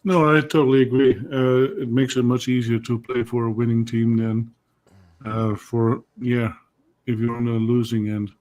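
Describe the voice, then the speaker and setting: A man on a sports chat panel, hesitant and filling pauses often. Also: mid-range voice, flat delivery, darkish tone. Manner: hesitant, many fillers.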